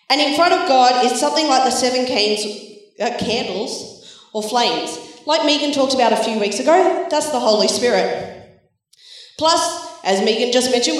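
A woman giving an encouraging, animated Bible talk to children in a church. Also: sits high. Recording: very echoey hall, voice from far off.

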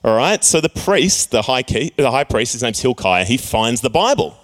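A man's voice: mid-range voice, very animated, moderate pace, fairly bright tone. Playful young male preacher. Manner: playful, acts out characters with jokey voices. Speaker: youth pastor. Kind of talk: casual sermon with slides.

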